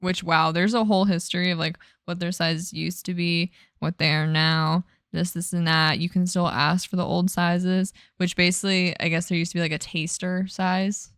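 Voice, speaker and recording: A woman's voice: fairly low pitch, little pitch movement, moderate pace, few pauses, fairly bright tone, clear, resonant tone, no room sound, clean studio sound. A woman co-hosting a podcast, chatting casually with lots of fillers and giggles. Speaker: podcast co-host. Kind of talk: casual chat.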